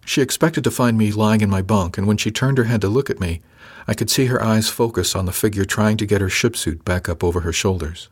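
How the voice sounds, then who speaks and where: A man with a low voice reads a first-person science fiction novel aloud. His storytelling is measured and dry, paced evenly through the narration. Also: breathy edge. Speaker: audiobook narrator.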